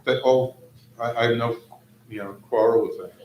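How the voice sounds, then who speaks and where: A man speaking as a panelist in a discussion, halting, with frequent restarts and repeated words. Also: medium pitch, fairly even intonation, muffled recording. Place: event hall. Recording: roomy hall with faint noise.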